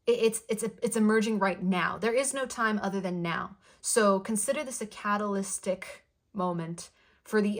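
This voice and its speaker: A woman at an ordinary middle pitch gives a channeled tarot reading. She speaks softly and in a flowing way, affirming the listener and circling back to the same phrases. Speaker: tarot reader.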